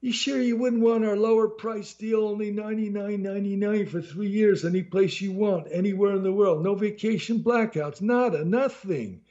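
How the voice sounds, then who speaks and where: A man's voice: high-pitched, moderate pace, hardly any pauses, mellow, lo-fi sound, voice pushed up, close to an everyday voice. A man doing a pushy New Jersey mafia salesman. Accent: New Jersey (put on). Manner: pushy, wheedling sales patter. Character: hefty menacing mafia-style timeshare salesman, male.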